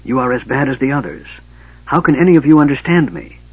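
A man voicing a frail, sickly young male mage who speaks in a hushed, hissing whisper. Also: medium pitch, sing-song, fast, slightly rough, no room sound, voice pushed up. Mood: secretive. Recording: dull lo-fi cassette audiobook.

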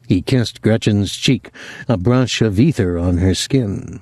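A man reading a novel aloud as an audiobook narrator, in measured storytelling. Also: on the low side, a little mellow, no echo, clean studio sound.

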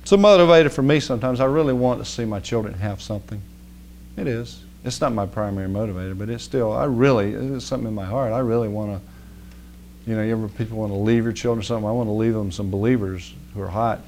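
A man's voice: lowish voice, fast, a little mellow, slight background noise. A man preaching in a folksy, conversational way, rising to emphatic outbursts. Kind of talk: sermon.

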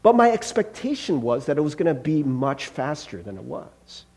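Middle-aged male pastor, casual sermon, bright, high, very animated voice, rambling and friendly. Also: moderate pace. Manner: chatty, self-deprecating, many fillers and rhetorical "right?".

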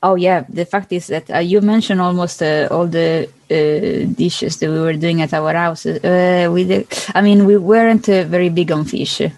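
A woman's voice: lowish voice, steady tone, normal speed, hardly any pauses, darkish tone, no echo. A woman, a guest on a podcast, talking chattily with hesitant restarts and fillers. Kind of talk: casual conversation.

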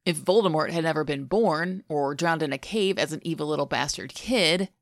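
A woman voicing a sly, fond adult man in a podfic of fan fiction, in a soft, lightly teasing way. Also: deep voice, normal speed, dry recording, clean studio sound.

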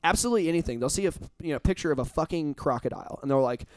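A man with a fairly high voice chats loosely, rambling through his points and swearing freely for emphasis. The sound is dry and close, with no room behind it. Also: animated, very fast, darkish tone, no room sound. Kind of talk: casual chat.

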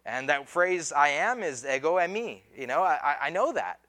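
High-voiced casual male preacher. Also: very animated, normal speed, bright, forceful tone. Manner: casual, conversational preaching with slang and acted-out quotes. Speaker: pastor. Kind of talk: sermon.

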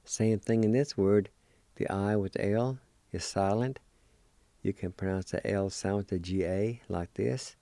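A man hosting a language lesson, spelling words letter by letter and pronouncing them slowly and deliberately. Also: on the low side, fairly even intonation, warm tone, no echo. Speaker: host teaching Cherokee words.

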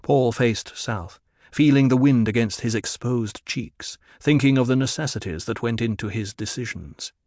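A man narrating a novel in an even, descriptive reading. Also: mid-range voice, normal speed, dry recording, clean studio sound. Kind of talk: audiobook narration.

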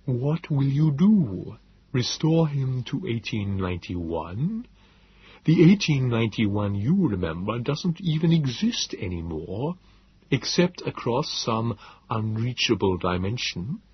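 Here is a pale nonhuman being who speaks slowly and gently with a calm, measured detachment, as a man voices it. The voice is soft and husky. The audiobook recording sounds dull and muffled. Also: medium pitch, full character voice.

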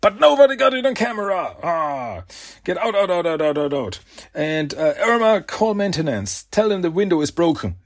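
A flustered TV station boss who rants and barks orders, acted out by a man in a casual recap. The voice sits fairly high and sounds husky, with lively ups and downs. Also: normal speed, heavily acted. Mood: exasperated. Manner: loud, exasperated ranting.

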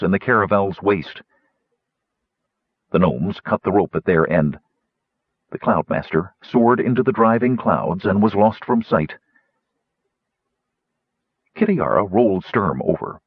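A man narrating an adventure novel aloud in an animated storytelling manner. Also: low voice, slow pace, pauses often, slightly rough, no echo, highs cut off. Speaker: audiobook narrator. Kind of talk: scripted fantasy narration.

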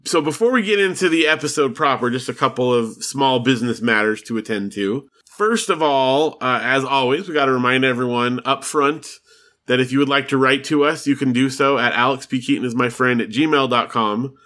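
A man's voice: mid-range voice, brisk, a bit bright. A man hosting a podcast in casual chat, talkative and laughing easily. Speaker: podcast host.

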